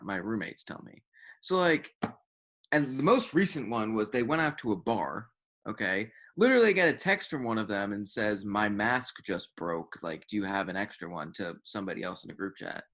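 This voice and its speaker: A man's voice: medium pitch, a bit bright. A young man co-hosting a podcast in casual chat, rambling with lots of filler words and swearing. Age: young adult. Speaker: podcast co-host.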